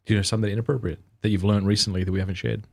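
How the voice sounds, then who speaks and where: A man hosting a podcast in casual chat, playful and quick to laugh. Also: fairly low pitch, fairly even intonation, vocal fry, darkish tone. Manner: playful, laughs often while telling jokes. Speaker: podcast host.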